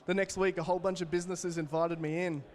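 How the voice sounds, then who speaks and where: Energetic young Australian man speaking. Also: high-pitched, fast. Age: 20s. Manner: energetic, storytelling, addresses the crowd directly. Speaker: keynote speaker. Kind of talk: motivational talk to a live audience.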